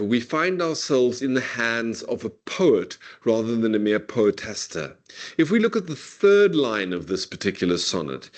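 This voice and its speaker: Lecturer guy, middle-aged, rambling in class, keeps saying okay?, pitch jumps all over. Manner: discursive, frequent "okay?" tags; dramatic slow recitation of verse. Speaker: literature lecturer. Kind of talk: university lecture.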